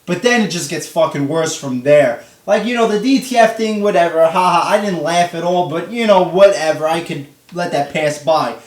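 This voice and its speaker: A young man delivers a profane, exasperated rant reviewing a wrestling show. His voice sits a little high. He is set back from the mic, and the room adds a noticeable echo. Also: moderate pace, hardly any pauses. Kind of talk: casual vlog review. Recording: roomy echo, distant from mic.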